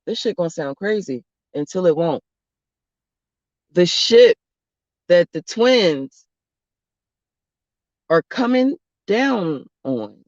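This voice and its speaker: This spiritual vlogger speaks slowly in an expressive mid-range voice, pausing often. The dull, lo-fi recording is dry with no echo, and the talk is blunt, casual, sweary, and full of rambling stories.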